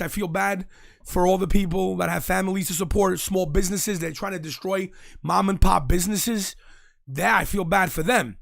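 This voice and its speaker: A man, hosting a live show and telling stories in a brash, mocking, animated way. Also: high voice, vocal fry. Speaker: host. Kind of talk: casual live-stream rant.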